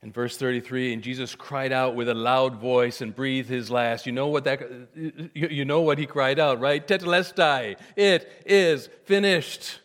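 A man preaching a sermon, swinging from hushed, intimate lines to loud, emphatic cries. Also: mid-range voice, little pitch movement, moderate pace, few pauses. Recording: long hall reverb.

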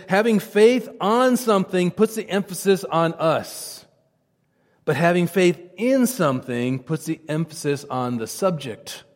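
A man preaching a sermon in an earnest, testifying manner, his voice dropping low and quiet at reverent moments. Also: big-room sound.

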